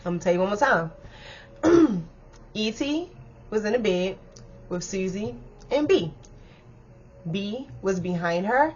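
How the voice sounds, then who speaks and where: Animated young woman telling a story. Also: medium pitch, a little slow, long pauses, highs cut off, slight background noise. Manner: animated, swearing, bursts of laughter. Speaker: vlogger telling a story time. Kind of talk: casual storytime chat to viewers.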